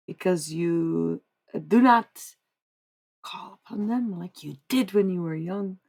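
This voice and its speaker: A woman's voice: lowish voice, a little slow, gravelly, darkish tone. A young woman livestreaming, chatting casually and giving psychic readings, rambling and repeating herself with frequent laughs. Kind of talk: casual live-stream chat.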